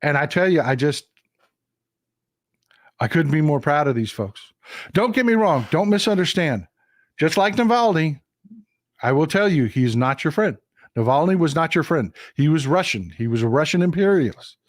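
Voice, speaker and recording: A man's voice: a little high, lively intonation, moderate pace, pauses often, no echo, studio quality. A man hosting a live-streamed political commentary show, talking through a map and repeating lines for emphasis. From Texas. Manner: emphatic, repeats phrases for stress.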